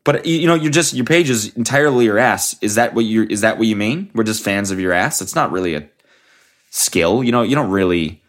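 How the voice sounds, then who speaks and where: A young man hosts a solo podcast while sick, his voice on the low side with a fairly bright tone. He talks briskly and with animation, rambling casually, swearing a lot, trailing off and starting over.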